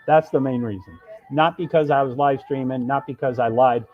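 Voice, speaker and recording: Heard through narrow, tinny audio, a man with a medium-pitched voice speaks at a moderate pace. He rambles through a long, casual story on his live stream, cutting off mid-sentence and playing out others' words.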